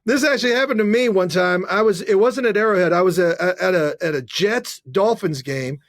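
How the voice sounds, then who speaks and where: A man, a comedian guest on a podcast, telling stories with lots of energy and acting out the shouting hecklers. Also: sits high, a little fast. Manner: acts out hecklers with loud shouted voices. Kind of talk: animated storytelling on a podcast.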